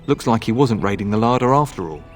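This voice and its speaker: A man's voice: lowish voice, animated, quick pace, over loud music, natural voice. A man voicing an earnest young castle knight in a fan dub, formal and courteous. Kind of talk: fan voice acting over a game.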